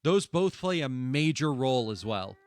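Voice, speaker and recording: A man's voice: medium pitch, very animated, moderate pace, slight background noise. A man with a Midwestern accent streaming while gaming, chatting casually, swearing freely and laughing often.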